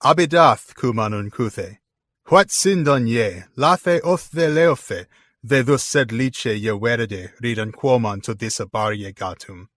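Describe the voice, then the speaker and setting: A man reading aloud as a stern male gate guard, slow and deliberate. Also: mid-range voice, fairly bright tone, no room sound, clean studio sound, close to an everyday voice. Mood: stern challenge. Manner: slow, deliberate, carefully enunciated. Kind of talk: dramatic reading.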